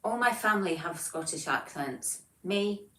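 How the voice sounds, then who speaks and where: A woman's voice: medium pitch, expressive, unhurried, sharp tone, roomy sound, recorded from a distance, a little hiss or hum, low-quality recording. A woman in her forties with a Devon English accent, chatting casually on a livestream, reading out viewer comments in a chatty, self-deprecating way. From England. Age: 40s. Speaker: livestream host.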